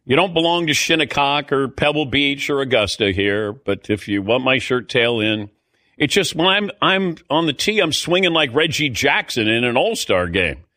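Bright-voiced middle-aged sports talk host. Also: male voice, medium pitch, very animated, normal speed, no echo, studio quality. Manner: rambling storyteller, indignant, self-mocking.

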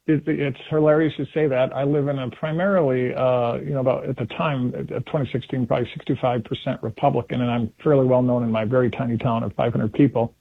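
A man discusses politics over a phone line that sounds tinny and thin. His voice is husky and dry. He talks in an animated way and slips into put-on voices for quotes. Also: medium pitch, fast talker, hardly any pauses, no echo. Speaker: political commentator guest. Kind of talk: casual political talk on radio. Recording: phone-line call-in audio.

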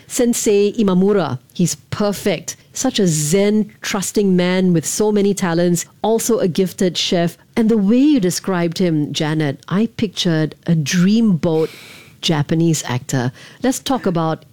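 A woman's voice: fairly low pitch, animated, a little slow, warm tone, no room sound. A woman interviewer asking an author enthusiastic, opinionated questions about her novel. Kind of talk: interview conversation.

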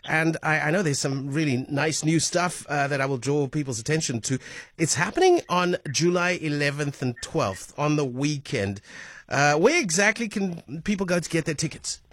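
A man's voice: on the high side, moderate pace, fairly bright tone, no echo, studio quality. A man hosting a radio talk show in a chatty way, with frequent fillers and restarts. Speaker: radio host.

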